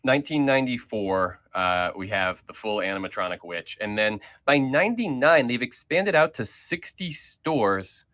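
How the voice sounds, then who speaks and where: A man's voice: low-pitched, a bit bright. A man leading a casual group chat as host, talking in a rambling way with many fillers and restarts.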